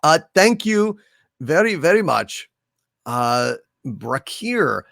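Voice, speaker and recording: Slow, theatrical male stream host. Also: on the high side, sing-song, creaky, fairly bright tone, dry recording, clean studio sound. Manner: theatrical, hailing viewers grandly. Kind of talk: reading viewer chat messages on a live stream.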